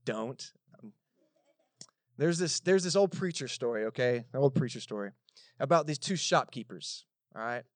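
A man's voice: mid-range voice, animated, normal speed, long pauses, no room sound. A man with a Texan accent preaching a sermon to his congregation in a casual, conversational way, with asides to the listeners. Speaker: pastor. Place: church service in a cinema auditorium.

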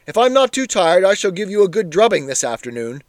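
Cruel older schoolmaster, bearded and menacing, with a somewhat high, mocking voice, done by a male narrator. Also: very animated, a little fast, no room sound.

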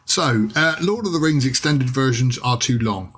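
A man with an English accent hosting a casual podcast chat, chatty, laughing often and filling pauses with many ums. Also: medium pitch, expressive, fairly bright tone, slight background noise. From England. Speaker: podcast host.

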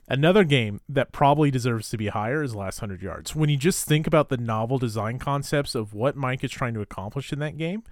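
A man co-hosting a casual podcast, rambling cheerfully with lots of ums and false starts. His voice sits at a middle pitch and is recorded close and dry, with no room sound. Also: expressive, fairly quick, no room sound. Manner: chatty, lots of fillers and restarts. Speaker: podcast co-host. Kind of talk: casual chat.

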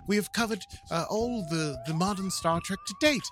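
A man's voice: high-pitched, very animated, normal speed, a bit bright, a little hiss or hum. A man co-hosting a podcast, signing off in a rambling, playful way with lots of filler words. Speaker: podcast co-host. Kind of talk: casual podcast outro chat.

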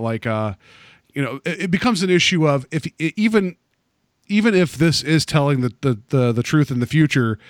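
A man's voice: on the high side, no echo, studio quality. A man co-hosting a podcast, talking casually about a TV episode with lots of fillers and restarts. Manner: rambling, full of fillers and restarts. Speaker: podcast co-host. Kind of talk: casual chat.

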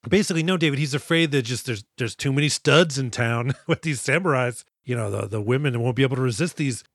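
A man co-hosting a podcast in casual chat, animated and profane, acting out characters as he retells scenes. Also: mid-range voice, quick pace, no echo, clean studio sound. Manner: animated, swears a lot, acts out characters in quoted lines. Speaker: podcast co-host.

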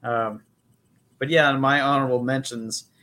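A man co-hosting a podcast in loose, rambling chat. He swears freely and drifts from point to point in an ordinary middle-pitched voice. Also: steady tone, normal speed, pushed and bright. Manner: profane, rambling, puts on mock accents. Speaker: podcast co-host. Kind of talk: casual comedic chat.

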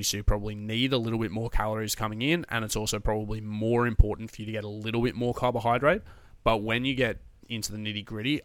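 A man's voice: lowish voice, no room sound. Laid-back young man, dry room. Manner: relaxed, joking, laughs often. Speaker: podcast co-host. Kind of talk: casual chat.

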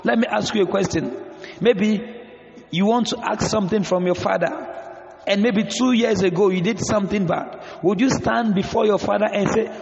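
A high-voiced male preacher with a gravelly rasp who repeats his points with emphasis and calls for responses. His voice rings through a large, reverberant hall, with soft music behind him and dull, muffled audio. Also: normal speed, a little hiss or hum. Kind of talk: sermon. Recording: echoey hall, dull sound.

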